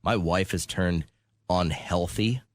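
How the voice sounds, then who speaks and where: A man's voice: low-pitched, slow pace, no echo, studio quality. A man co-hosting a radio show, chatting casually and telling joking stories. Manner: joking storyteller, acts out quotes. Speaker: radio co-host. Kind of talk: casual morning radio banter.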